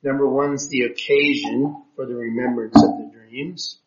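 A man's voice: mid-range voice, steady tone, unhurried. A man teaching a Bible class, reading verses aloud and explaining them with frequent hesitations. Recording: roomy, dull lo-fi classroom recording.

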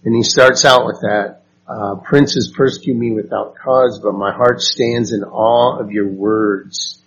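A man's voice: on the low side, steady tone, fairly bright tone. A man teaching a Bible study class, reading verses and asking the group questions. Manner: slow and unhurried, asks the group questions. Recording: dull lo-fi recording with faint noise.

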